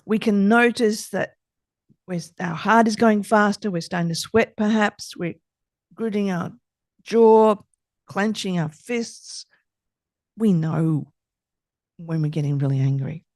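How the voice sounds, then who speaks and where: A middle-aged woman hosting a podcast, calmly leading listeners through slow breathing exercises with gentle, soothing instructions. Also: medium pitch, dry recording, studio quality. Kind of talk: calm guided breathing exercise.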